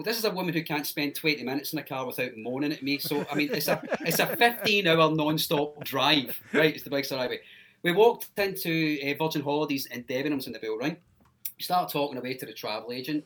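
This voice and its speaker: Bright-voiced man telling stories. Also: on the high side. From England. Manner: loud, laughing storyteller. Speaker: guest, former radio presenter. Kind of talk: casual chat.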